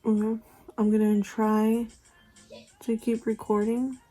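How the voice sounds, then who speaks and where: A woman's voice: on the high side, little pitch movement, takes it slowly, dark tone, faint music behind, low-quality recording. A young woman chatting casually through a makeup tutorial, rambling with lots of fillers, recorded on a phone at home. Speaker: beauty vlogger. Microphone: phone camera.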